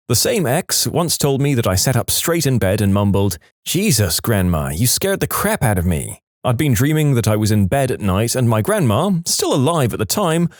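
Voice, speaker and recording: A man reading reddit stories aloud, lively, dropping into quick voices for the people he quotes. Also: medium pitch, dry recording, studio quality. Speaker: narrator.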